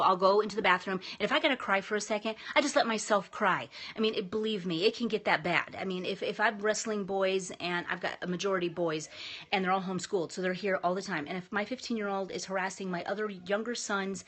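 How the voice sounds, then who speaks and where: Upbeat chatty mom vlogger, bright voice. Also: female voice, medium pitch. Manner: chatty, upbeat, faith-based encouragement. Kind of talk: casual motivational chat to camera.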